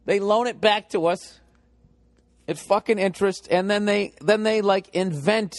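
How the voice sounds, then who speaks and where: A middle-aged stand-up comedian with a Boston accent rants in a profane, exasperated way. His voice sits a little high for a man. The sound is close and dry, with almost no room around it. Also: measured pace, no room sound.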